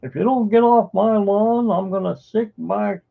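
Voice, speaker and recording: A man voicing a cranky old man who yells at people to get off his lawn. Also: sits high, a little slow, gravelly, voice pushed up, full character voice. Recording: tinny phone-like sound.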